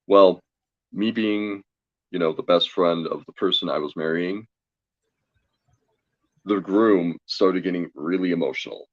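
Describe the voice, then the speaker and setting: A man's voice: sits low, a little slow, pauses often, no echo, dull audio. A man, a guest on an interview show, telling a story in a chatty way, laughing often and acting out what people said. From Colorado. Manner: chatty, laughs often, quotes himself and others. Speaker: guest, tarot reader.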